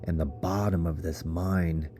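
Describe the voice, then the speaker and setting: A man's voice: sits low, fairly even intonation, measured pace, dark tone, a little hiss or hum. A man casually narrating an adventure story in a chatty, giggly way, full of fillers. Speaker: underground explorer.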